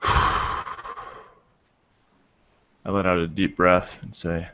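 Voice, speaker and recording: Very deep, slow man at a game table. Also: level tone, bright, forceful tone, a little hiss or hum. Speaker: player. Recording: dull lo-fi recording.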